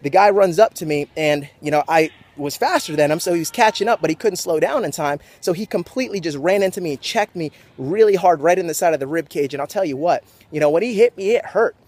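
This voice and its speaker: A young man giving an energetic motivational talk to camera, just off a sports game. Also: a little high, quick pace, few pauses. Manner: energetic, pumped up, preachy. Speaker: motivational vlogger.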